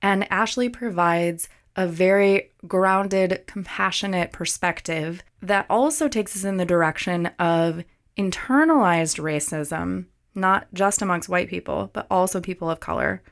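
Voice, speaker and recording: A podcast host opens her show by reading a prepared introduction of her guests. Her voice is on the low side, and her delivery is earnest and steady.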